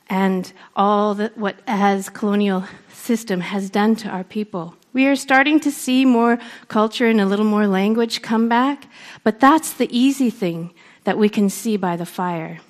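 A woman from Canada, a storyteller, giving an earnest public speech with deliberate emphasis. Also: medium pitch. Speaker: storyteller and speaker.

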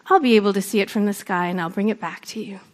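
A woman voicing a helpful, caring male owl in a told story, asking gentle, concerned questions. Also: medium pitch, fast, lightly acted.

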